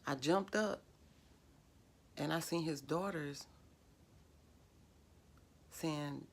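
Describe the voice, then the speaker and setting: A woman's voice: sits low, drawn-out words. A middle-aged woman, telling a personal story in a vlog, emotional and rambling with many fillers. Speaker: vlogger.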